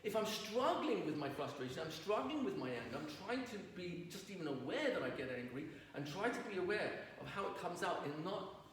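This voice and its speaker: A rabbi's high, sing-song voice moves briskly with hardly any pauses as he lectures in a lecture hall, telling stories and asking the audience questions. The sound is roomy and distant, with faint noise underneath.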